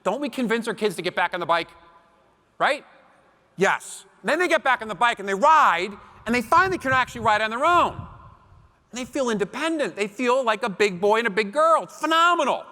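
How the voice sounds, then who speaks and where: A man giving a seminar talk to a live audience, telling animated stories with acted quotes. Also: very high voice. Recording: long hall reverb.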